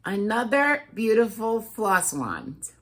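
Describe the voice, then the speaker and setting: A woman chatting to camera as a cross-stitch vlogger, gushing and excitable as she talks straight to her viewers. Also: a little high, slow pace. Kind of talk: casual chat to camera.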